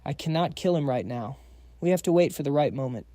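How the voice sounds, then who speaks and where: A man voicing a wounded, calm male crime lord who speaks cold and calculating. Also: fairly high pitch, a little fast, no echo, close to an everyday voice.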